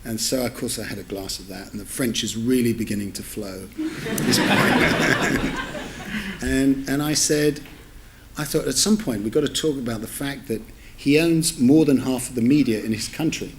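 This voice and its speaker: A man's voice: medium pitch, moderate pace. Middle-aged guy telling a story at a lecture, chatty, keeps correcting himself, faint hiss behind. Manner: chatty, self-interrupting, amused asides. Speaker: newspaper editor giving a public lecture. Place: lecture theatre with audience.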